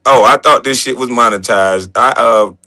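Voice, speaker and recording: A man's voice: medium pitch, moderate pace, pushed and bright. A man hosting a casual livestream, talking loosely with a lot of swearing and joking. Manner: loose, profane, joking and laughing. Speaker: livestream host.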